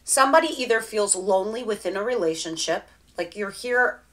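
A woman's voice: mid-range voice, lively intonation, fairly quick, a bit bright. Chatty woman giving a tarot reading. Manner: chatty, direct, talks straight to the viewer. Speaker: tarot reader. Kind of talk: casual tarot reading to camera.

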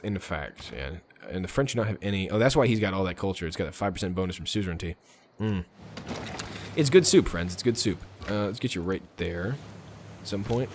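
A man's voice: fairly low pitch, a little hiss or hum. A man hosting a let's play, chatting casually and muttering orders to his game units. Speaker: gaming channel host.

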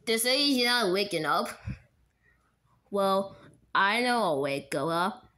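A woman's voice: medium pitch, lively intonation, slow pace, sharp tone, a little hiss or hum. A woman voicing every character in a goofy plush toy skit, switching between silly squealing voices.

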